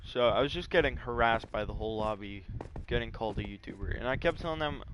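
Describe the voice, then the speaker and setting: A man's voice: medium pitch, fast, a bit bright, a little hiss or hum, rough recording. A man chatting casually over gameplay, telling a rambling story with lots of fillers. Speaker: gaming YouTuber.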